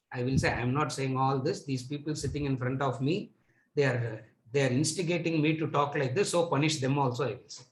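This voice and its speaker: A man with a slightly high, fairly bright voice lectures on scripture to an audience seated in a lecture room. He leans on rhetorical questions and repeated words to make his points, and the room sounds echoey.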